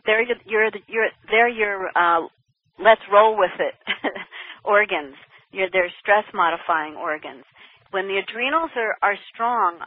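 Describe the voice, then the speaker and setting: Chatty practitioner on a tinny phone line. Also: mid-range voice. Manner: chatty, laughs often, restarts mid-sentence. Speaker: health practitioner guest. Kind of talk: casual health talk.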